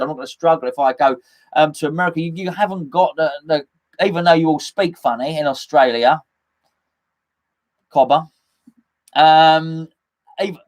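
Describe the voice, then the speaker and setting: A middle-aged man hosting a casual live fan chat, rambling and jokey, with lots of fillers and restarts as he reads out comments. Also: on the high side.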